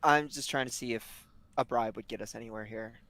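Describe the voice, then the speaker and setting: A man's voice: medium pitch, a little fast, bright, forceful tone. A man chatting casually as a player in a tabletop game, wry and offhand.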